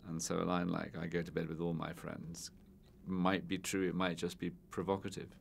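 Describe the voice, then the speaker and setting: A male actor in an interview, talking about his role in a measured, wry way. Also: sits low, completely flat delivery, creaky, a little hiss or hum.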